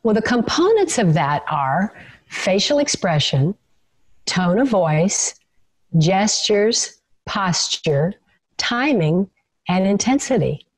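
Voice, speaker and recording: A woman guest in an interview, explaining calmly and warmly agreeing with her host. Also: mid-range voice, takes it slowly, pauses often, breathy edge, no room sound. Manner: calm, explanatory, with many affirming interjections. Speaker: guest expert on leadership and the nervous system. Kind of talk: conversational interview over video call.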